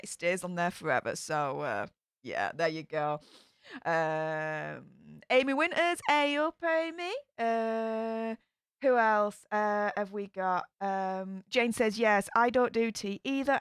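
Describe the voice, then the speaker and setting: A woman's voice: mid-range voice, big pitch swings, a little slow, clear, resonant tone, dry recording, clean studio sound. A young woman with a Yorkshire accent chatting casually on a live stream, greeting viewers by name. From England.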